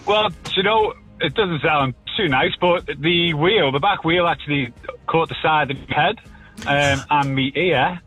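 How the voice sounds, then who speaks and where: Man, middle-aged, radio caller, matter-of-fact, bright voice, faint music behind. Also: on the high side, unhurried, low-quality recording. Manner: plain, matter-of-fact storytelling. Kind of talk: telling a personal story on radio.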